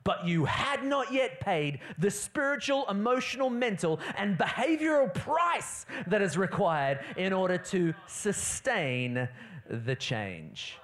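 A preacher giving a humorous, animated sermon to a live church audience, dropping to a quiet voice for emphasis. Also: medium pitch.

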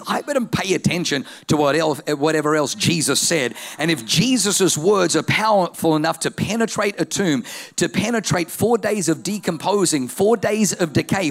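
A middle-aged male pastor preaching a sermon, telling stories with energy and building to shouted declarations. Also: on the high side.

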